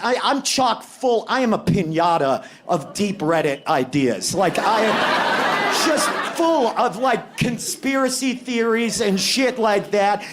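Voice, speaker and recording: A man's voice: sits high, fairly bright tone. A man from Maine doing a brash, profane, self-mocking stand-up set on a club stage. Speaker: stand-up comedian. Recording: live club mic with crowd and noise. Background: audience laughing.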